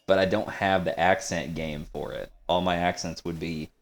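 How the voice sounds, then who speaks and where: A young man talks easily on a podcast with a low voice. He is laid-back and pokes fun at himself in relaxed casual chat. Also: normal speed. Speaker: podcast co-host.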